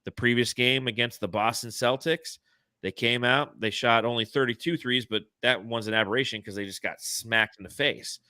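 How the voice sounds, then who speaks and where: A man's voice: mid-range voice, moderate pace, bright, forceful tone, smooth, dry recording, studio quality. A man hosting a casual sports podcast, joking around and sometimes slipping into a put-on cowboy drawl. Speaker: podcast host.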